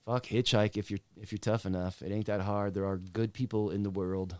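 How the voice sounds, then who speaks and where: A man's voice: lowish voice, steady tone, brisk, darkish tone, smooth, dry recording. A man who writes and sings his own songs, a podcast guest telling a story in a laid-back, casual way and swearing freely. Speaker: guest singer-songwriter.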